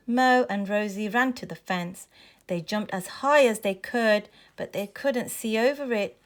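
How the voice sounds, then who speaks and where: A woman reading a children's story aloud in a clear, expressive way. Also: medium pitch, unhurried.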